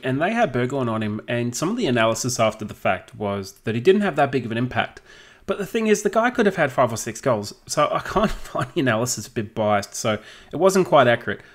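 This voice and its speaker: An Australian man co-hosting a casual podcast, easygoing and quick to laugh while reading listener questions. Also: mid-range voice, big pitch swings. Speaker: podcast co-host.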